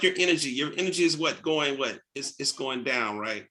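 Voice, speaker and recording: A man hosting a team video call, giving an energetic motivational coaching talk and coaxing the group with questions. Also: mid-range voice, normal speed.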